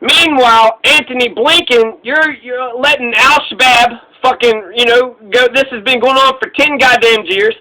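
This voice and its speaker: A man's voice: very high-pitched, normal speed, few pauses, pushed and bright, low-quality recording. A man from the United States ranting about politics in a heated, profane, repetitive monologue full of rhetorical questions.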